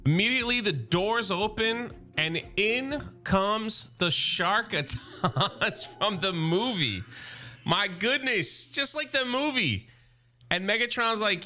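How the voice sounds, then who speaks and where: A man's voice: high voice, lively intonation, measured pace, sharp tone, faint music behind. A man hosting a casual, enthusiastic comic recap, chatty and full of filler words. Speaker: YouTube host recapping a comic series.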